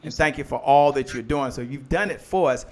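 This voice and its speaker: A man with a mid-range voice talks a little fast as host of a live motivational business show. He preaches in call-and-response style and greets viewers by name.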